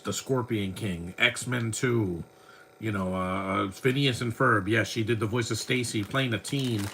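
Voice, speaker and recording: A man's voice: fairly low pitch, unhurried, pushed and bright, a little hiss or hum, rough recording. A man around forty, a podcast host, chatting in a rambling way as he watches a movie and comments on it. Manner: rambling, chatty fan talk.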